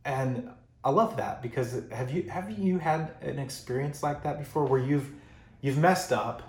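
A male pastor preaching a sermon, telling a story with lively emphasis and going quiet for the solemn parts. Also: mid-range voice, unhurried, roomy sound. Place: church.

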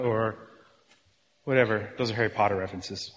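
A man preaching a sermon with lively energy, often acting out his listeners' reactions. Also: mid-range voice, normal speed, long pauses, long reverb tail, a little hiss or hum. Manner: animated, acts out reactions of listeners. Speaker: pastor.

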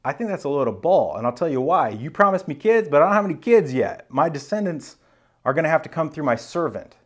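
A skeptical old patriarch, a man, challenges God with blunt, impatient sarcasm, as a preacher puts him on. His voice sits high and pushes each complaint hard. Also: sing-song, quick pace.

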